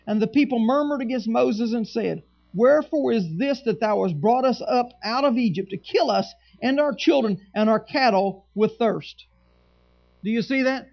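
High-voiced gravelly male pastor preaching. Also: dull audio. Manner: preachy, sarcastic asides with scripture reading. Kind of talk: sermon. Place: church.

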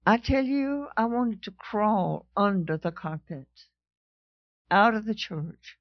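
A woman's voice: medium pitch, slow, no room sound. Fervent woman preaching a sermon. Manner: animated storytelling, reading scripture aloud with rising fervor. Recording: dull lo-fi sound.

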